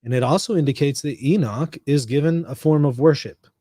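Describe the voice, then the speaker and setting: An American man hosts a laid-back livestream, chatting as he reads viewer comments aloud and riffs on them. His voice is fairly high and brisk with a warm tone, recorded clean in a studio with no room sound.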